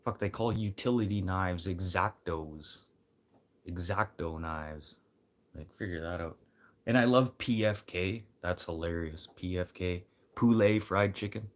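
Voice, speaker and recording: Deep-voiced guy, blunt and rambling, swears constantly in a loose rant. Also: a little slow. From Manitoba. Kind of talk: casual rant.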